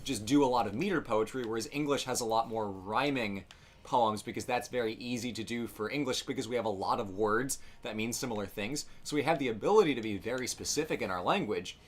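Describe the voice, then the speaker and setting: A man with a mid-pitched voice talks casually as he plays a game. He explains at length and often backs up to restart his sentences. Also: fairly quick. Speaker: co-host. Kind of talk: casual chat while playing a game.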